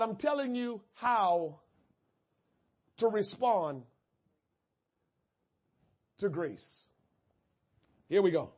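A man preaching a sermon, moving from quiet, low asides to shouted, drawn-out scripture lines. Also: expressive, slightly rough, dull audio. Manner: drawn-out emphatic scripture reading. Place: church.

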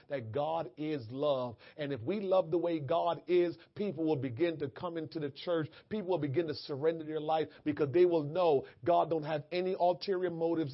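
In a church sermon, a male pastor speaks in a fairly high voice, starting out conversational and building to a fervent, shouted prayer. The recording has its high frequencies cut off.

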